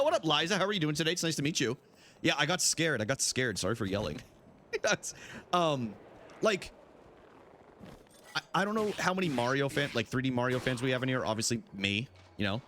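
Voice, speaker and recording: Young male streamer, animated casual delivery, curses freely, faint background noise. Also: fairly high pitch, brisk. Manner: chatty, answers chat, swears freely. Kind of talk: casual live-stream chat while gaming.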